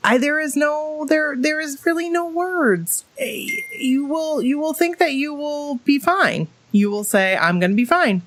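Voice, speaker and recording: A woman's voice: high voice, lively intonation, unhurried, few pauses, no room sound. A woman guest-hosting a casual podcast chat, emphatic and fond of repeating phrases. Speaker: guest host.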